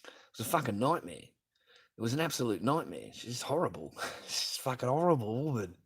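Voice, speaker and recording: A man's voice: mid-range voice, big pitch swings, normal speed, slightly rough. A middle-aged man chatting casually on a livestream while making masks, ranting and swearing with bursts of laughter. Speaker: livestreaming mask artist.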